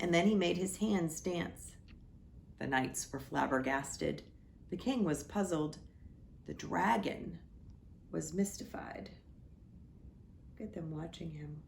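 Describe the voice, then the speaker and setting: A woman reading a children's picture book aloud at church story time. Her voice is low and gravelly, and she takes the story slowly, gently pointing out the pictures. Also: slight background noise.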